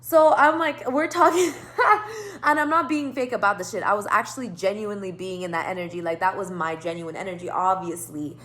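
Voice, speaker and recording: A woman's voice: mid-range voice, a little fast, a bit bright. A woman hosting her tarot channel, telling a rambling storytime monologue with lots of swearing, laughter and asides.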